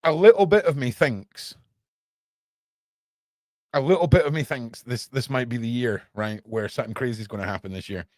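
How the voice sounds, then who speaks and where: A young man hosting a podcast, chatting excitedly and sarcastically in a casual, slangy way. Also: mid-range voice, moderate pace, pauses often, no echo. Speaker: podcast host. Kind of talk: casual livestream chat.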